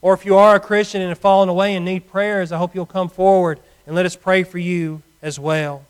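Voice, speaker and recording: A middle-aged man preaching a sermon to his congregation, earnest and emphatic, his loudness rising and falling as he makes his points. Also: high-pitched, little pitch movement, a little fast, smooth.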